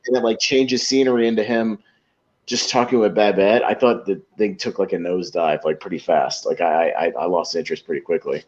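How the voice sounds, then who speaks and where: A man's voice: low-pitched, fairly even intonation, a little fast, a little mellow. Lo-fi man rambling and laughing. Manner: rambling, quotes sketch lines with a laugh. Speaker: podcast co-host. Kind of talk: casual chat. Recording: dull lo-fi sound.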